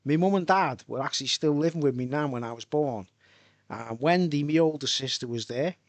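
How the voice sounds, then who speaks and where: A man's voice: a little high, fairly quick, dry recording. Chatty Merseyside man on a livestream. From Birkenhead, England. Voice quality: chatty, repeats "right?" often. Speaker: live streamer. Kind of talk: casual rambling live-stream chat. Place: home, tent with soundproof tiles.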